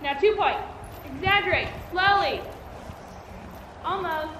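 A woman's voice: very high voice, unhurried. A young woman at a riding arena, giving blunt instructions and talking about her horse. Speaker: rider, daughter of the vlogger. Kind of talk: casual talk during riding practice. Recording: echoey, with background noise.

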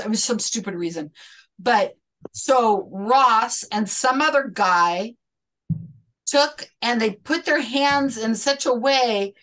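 A woman's voice: a little high, fairly bright tone. A woman hosting an online chat, telling a long story in a rambling, self-interrupting way. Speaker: host. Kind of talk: casual chat.

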